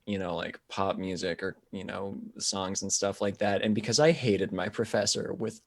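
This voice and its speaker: A young man with a fairly low voice tells a story on a live-streamed podcast. He talks casually and animatedly and breaks into laughter often. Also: steady tone, moderate pace, gravelly. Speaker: podcast co-host. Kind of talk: casual chat.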